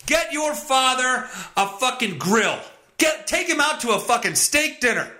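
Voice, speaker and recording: A man's voice: very high-pitched, sing-song, measured pace, sharp tone. A man hosting a solo podcast, ranting in a worked-up way and swearing often. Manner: profane, worked-up rant. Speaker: podcast host.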